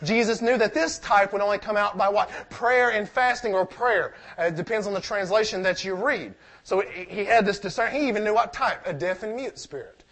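A man's voice: high-pitched, fairly quick, few pauses, a bit bright. A man preaching a sermon, reading scripture aloud and asking the congregation questions in a conversational way.

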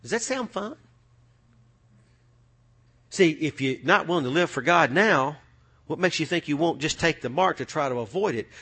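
A man preaching a sermon, swinging from loud, fiery passages to low, muttered asides. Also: fairly quick, slightly rough.

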